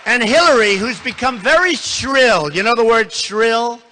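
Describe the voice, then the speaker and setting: An older man delivering a campaign speech in a big reverberant hall, his pitch high and swinging widely as he boasts and repeats himself. His tone is bright and forceful, with quick conversational asides to the crowd. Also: expressive, slight background noise. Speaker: political candidate. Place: large hall before a live audience.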